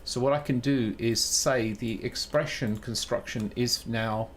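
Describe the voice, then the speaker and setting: Slow-talking man streaming his coding. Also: medium pitch, slight background noise. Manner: chatty, thinking aloud, self-mocking; switches between English and Italian. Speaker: live streamer coding on air. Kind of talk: casual live-stream chat while programming.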